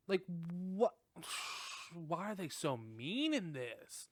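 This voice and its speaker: A man hosting a podcast and giving a casual, rambling movie review, animated and full of swearing and fillers. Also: sits high, very slow, no echo, studio quality. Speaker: podcast host.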